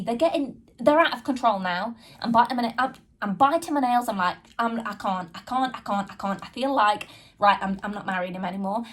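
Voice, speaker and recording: A woman with a somewhat high, slightly bright voice hosts a podcast, where she relates a personal story with frankness and sincerity. She addresses her audience directly and reenacts dialogue from her past.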